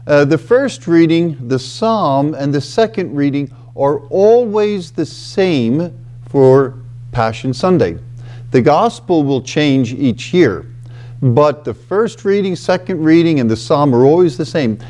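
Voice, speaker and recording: Male priest talking thru scripture slow, lots of uh's, mellow tone. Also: on the high side, animated. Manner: frequent fillers and restarts, unhurried explanatory delivery; slow solemn scripture reading. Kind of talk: reflective scripture talk.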